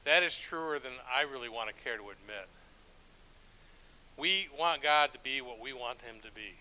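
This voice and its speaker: A middle-aged man, a church elder, preaches a sermon full of stories, talking conversationally and poking fun at himself while often restarting his sentences. His mid-range voice is bright and forceful at a normal speed. The recording is rough, with slight background noise.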